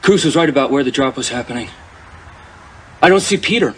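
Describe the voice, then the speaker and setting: An actor playing a desperate sibling who speaks in an anguished, pleading way. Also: male voice, mid-range voice, lively intonation, fairly quick, a bit bright, slightly rough. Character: desperate adult sibling fearing for a sister.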